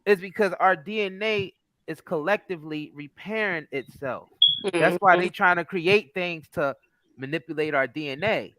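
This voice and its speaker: A man's voice: high voice, normal speed, fairly bright tone, low-quality recording. A man in a casual chat, making points emphatically, in a preachy way.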